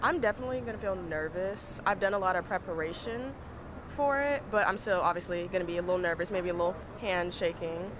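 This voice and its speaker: A woman's voice: fairly low pitch, quick pace. A teenage girl golfer answering interview questions politely and earnestly, outdoors at a golf course. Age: teens. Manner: polite, earnest, says sir. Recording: noisy outdoor field audio.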